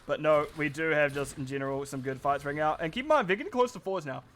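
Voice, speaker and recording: A man's voice: on the high side, lively intonation, fast talker, a bit bright. Chatty New Zealand esports caster, man. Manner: chatty, self-deprecating, rambling asides. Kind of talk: live esports play-by-play commentary.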